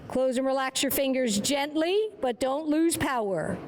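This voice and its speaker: A woman's voice: sits high, animated, unhurried, darkish tone, a little hiss or hum. A woman riding instructor giving short, encouraging, repeated commands during a driving lesson.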